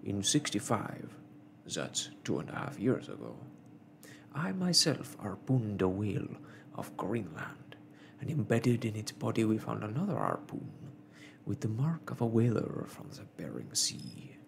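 A man voicing a skeptical Canadian harpooner in a hushed, low, doubting whispered role-play. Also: huge pitch swings, measured pace, gravelly, slight background noise, exaggerated voice.

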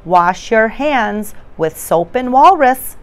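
A woman reading aloud gives voice to a cheery, muddle-headed schoolteacher in a children's storybook. Her voice is bright and fairly high, with a lively, swooping melody as she calls out to the class. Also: takes it slowly, smooth. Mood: cheerful. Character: silly female schoolteacher mixing up words.

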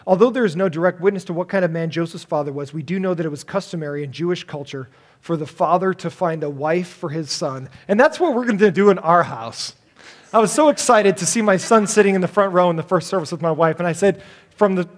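A middle-aged man preaching a sermon as pastor, animated and jokey, acting out little voices in his stories. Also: high-pitched, a little fast.

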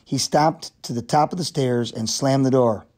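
A man reads a children's novel aloud in a steady, even storytelling voice. His pitch sits at a typical middle for a man. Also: normal speed. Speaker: reader.

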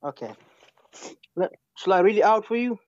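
A man's voice: high voice, animated, a little mellow, dry recording. English-accented man, muffled dry line. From England. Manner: defensive, asks to explain, reads verses slowly. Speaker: debate caller. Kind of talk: online religious debate.

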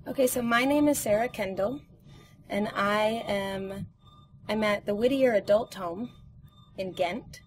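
A woman interviewer at a care home introduces the session and asks brisk, to-the-point questions. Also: mid-range voice, breathy edge. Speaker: oral history interviewer.

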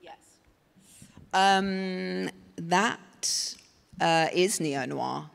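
A woman's voice: fairly low pitch, very slow, vocal fry, smooth. An English woman, a guest actress at a live panel, answering questions in a thoughtful, rambling way with many fillers and restarts. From England. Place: stage at a festival panel. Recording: reverberant hall from a live event.

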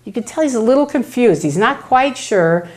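A woman with a voice on the high side, speaking at normal speed, gives a public talk as a guest speaker. She's animated, telling stories and acting out the voices of the people in them.

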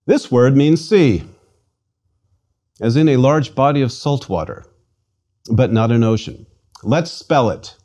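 A man teaching a scripted lesson at an unhurried pace, spelling words letter by letter and pausing for listeners to repeat. His voice is mellow and rises and falls in a lively way. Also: mid-range voice. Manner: slow, patient, enunciates each letter and syllable. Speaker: language instructor.

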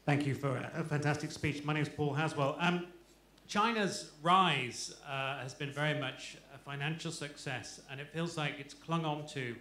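Audience man, bright forceful voice, formal question, roomy hall. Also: a little high, slight background noise. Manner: measured, builds an argument before asking. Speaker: audience member asking a question.

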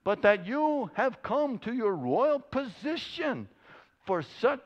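A man voicing an earnest elderly male sage counseling a queen, in a slow, drawn-out, high pleading voice. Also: big pitch swings, muffled recording, heavily acted.

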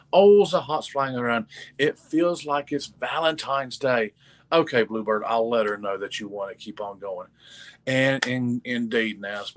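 Man with a gravelly, creaky voice, mid-range pitch; casual stream co-host, loose and halting, reads out viewer names. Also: fairly bright tone. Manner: halting, many fillers and restarts; friendly greetings to viewers by name. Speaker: livestream co-host reading viewer comments. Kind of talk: casual live-stream chat.

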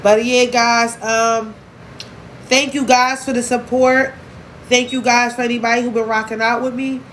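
Young woman vlogger, frank, emotional, profane; slightly high voice, faint noise. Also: flat delivery, fairly bright tone, rough recording. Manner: candid, emotional, profane, fast-shifting. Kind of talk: emotional casual vlog talk.

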